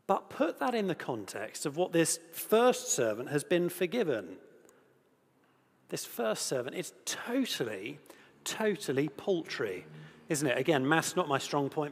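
Slow, earnest preacher in a reverberant hall. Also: male voice, a little high. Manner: earnest, asks rhetorical questions, grows animated at moments. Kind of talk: sermon with scripture reading. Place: church. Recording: long reverb of a large hall.

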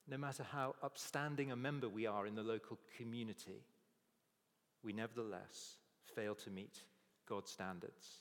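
A man's voice: medium pitch, fairly bright tone. A man preaching a sermon, telling stories and acting out the people's voices in quotes. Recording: long reverb of a large hall.

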